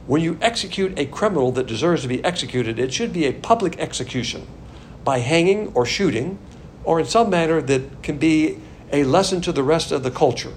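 An older man from the American South teaching a Bible sermon, swinging between loud emphasis and quiet asides. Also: a little high, lively intonation, fairly quick, slight background noise. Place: Texas.

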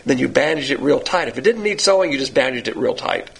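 A man teaching a verse-by-verse sermon, asking rhetorical questions and pushing his pitch up for emphasis. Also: animated, quick pace, gravelly, a bit bright, breathy edge, rough recording. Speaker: Bible teacher.

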